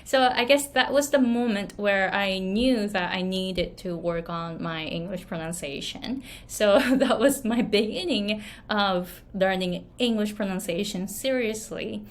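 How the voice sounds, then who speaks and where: A woman's voice: mid-range voice, a little slow, few pauses. A woman with a Japanese accent, coaching in a casual storytelling way, chatty with frequent fillers and tag questions. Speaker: online business and pronunciation coach. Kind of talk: casual storytelling advice to camera.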